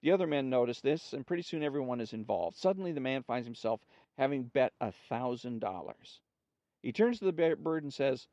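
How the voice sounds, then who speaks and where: A man hosting a story podcast, reading jokes aloud in an unhurried, conversational way. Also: medium pitch, expressive, a little mellow, no echo.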